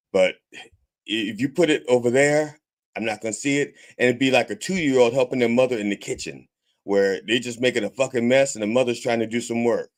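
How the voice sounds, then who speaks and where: A man hosting a comedic church-style podcast, rambling and swearing with preacher mannerisms. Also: fairly low pitch. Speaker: host of a mock church podcast. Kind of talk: casual comedic sermon-style talk.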